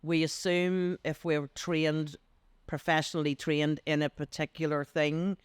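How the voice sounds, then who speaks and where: An older woman with a Northern Irish accent, a business coach being interviewed on a podcast, telling stories with lively acted-out voices. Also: a little slow, clear, resonant tone, no echo. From Northern Ireland. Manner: animated, acts out quoted voices with big pitch leaps. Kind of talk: podcast interview, anecdotal storytelling.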